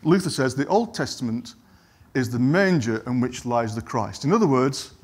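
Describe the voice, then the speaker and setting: Middle-aged male preacher, relaxed talky sermon delivery, average pitch, breaks off into asides. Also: normal speed, slightly rough. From England. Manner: conversational, digresses and apologizes, acts out quoted lines.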